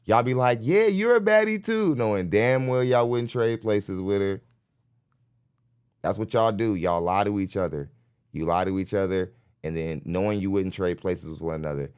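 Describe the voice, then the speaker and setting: A man with a very low, smooth and resonant voice hosts a live podcast. He reacts bluntly to a clip and talks directly to his viewers, often breaking into laughter between points. He is recorded close on a studio mic. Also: fairly even intonation, normal speed, a little mellow.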